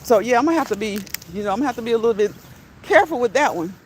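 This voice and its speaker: A chatty woman with a fairly high voice hosts a casual live stream while out on a walk. She laughs often and reads comments from her viewers aloud. Faint outdoor sounds are heard behind her. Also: expressive, very fast, slight background noise.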